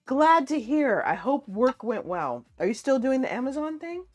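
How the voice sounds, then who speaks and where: A woman's voice: high-pitched, very animated, normal speed, a little mellow. A woman livestreams while eating, chatting easily with her viewers. Her voice rises and falls a lot as she answers them and laughs along. Music plays faintly behind her. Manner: chatty, reads chat aloud, laughs often. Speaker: streamer.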